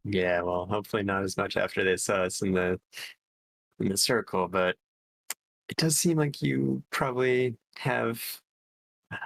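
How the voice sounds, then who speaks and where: A man's voice: fairly low pitch, unhurried, creaky, long pauses, a bit bright, no room sound, low-quality recording. A man playing a tabletop game in character, negotiating in a hesitant way full of fillers. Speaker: player. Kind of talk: tabletop role-play in character.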